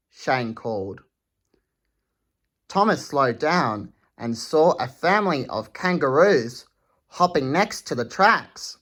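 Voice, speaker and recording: A woman reading a children's picture book aloud, slow and expressive with a sing-song delivery. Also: low voice. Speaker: storytime reader.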